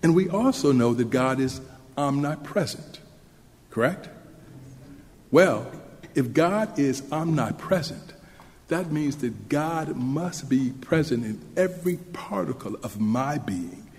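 A man preaching a sermon in an earnest, measured way, speaking to a congregation with occasional questions to them. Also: mid-range voice, lively intonation, darkish tone. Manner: earnest, measured delivery with audience asides. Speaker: minister. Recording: long hall reverb.

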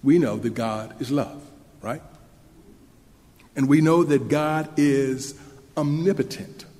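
A man's voice: medium pitch, mellow. Man giving a sermon in a reverberant hall. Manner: earnest, measured delivery with audience asides. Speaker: minister.

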